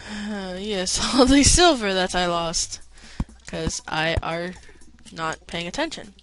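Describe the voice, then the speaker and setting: A woman's voice: on the low side, takes it slowly, a little hiss or hum. A woman giving casual gameplay commentary, chatting to herself and playfully telling off the game's enemies. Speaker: let's play gamer. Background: faint game music.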